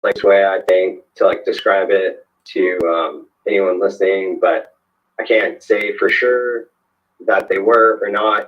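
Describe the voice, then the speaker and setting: A man with a fairly low voice tells a personal story as a guest, slowly and with many hesitations and restarts. The recording sounds dull and lo-fi, as if the highs were muffled. His delivery is unhurried and conversational. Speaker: guest telling a personal experience.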